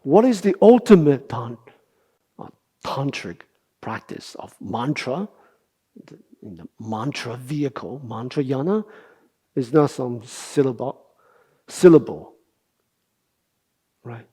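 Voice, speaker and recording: A middle-aged man giving a Buddhist dharma talk as a meditation teacher. He explains things at an unhurried pace, asking rhetorical questions and often adding "right?". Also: medium pitch, lively intonation, dark tone, husky.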